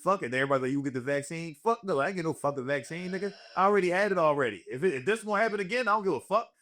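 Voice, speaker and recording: A man's voice: a little high, lively intonation, very fast, a bit bright. A young man, a comedian hosting a casual podcast, telling profane stories with bursts of put-on voices. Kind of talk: casual storytelling chat.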